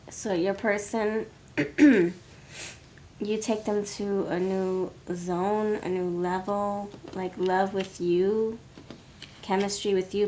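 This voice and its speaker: A woman with a medium-pitched, slightly mellow voice gives a casual tarot reading, repeatedly breaking into giggles, coughs, and sniffles between sentences. There is a little background noise.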